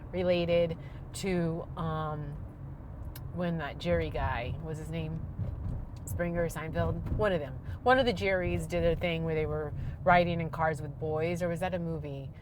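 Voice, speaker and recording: Loud rambling woman vlogging in her car. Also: fairly low pitch, background noise. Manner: loud, self-deprecating, rambling. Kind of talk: rambling casual monologue. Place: in her car while driving. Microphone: clip-on microphone.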